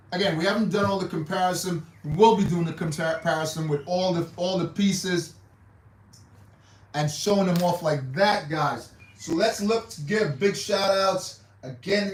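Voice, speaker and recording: A man's voice: sits high, slight background noise. A man hosting a casual livestream, rambling and repeating himself with hesitant restarts. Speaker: livestream host. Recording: echoey room, mic far off.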